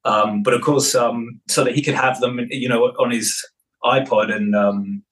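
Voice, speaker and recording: A film director in casual interview chat, relaxed, with many fillers and restarts. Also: male voice, mid-range voice, moderate pace, low-quality recording.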